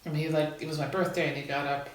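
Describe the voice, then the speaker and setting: A woman's voice: low voice, fairly even intonation, very fast. Candid, rambling woman in heavy echo. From California. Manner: candid, rambling, with filler words and nervous laughs. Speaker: interviewee. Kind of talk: personal testimony in a documentary. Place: city street or park. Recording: very echoey, faint ambience.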